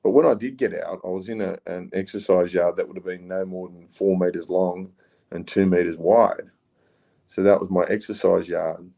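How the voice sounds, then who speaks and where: An Australian man with a very deep, gravelly voice tells stories on a podcast. He rambles in a laid-back way and fills his pauses with ums. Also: fairly even intonation, mellow. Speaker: podcast guest. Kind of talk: casual storytelling.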